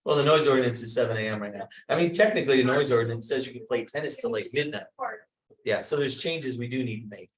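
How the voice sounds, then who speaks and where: A man's voice: medium pitch, fast. A man on a village board, talking through an issue at a public meeting and telling anecdotes in a conversational way. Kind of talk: meeting discussion. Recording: roomy meeting hall with faint background noise.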